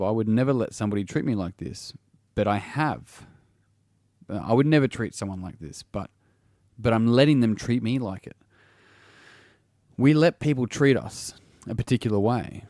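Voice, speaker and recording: A man's voice: medium pitch, a little mellow, dry recording, studio quality. A man hosting a solo podcast and working as a coach, talking casually and bluntly, swearing freely and restarting his sentences often.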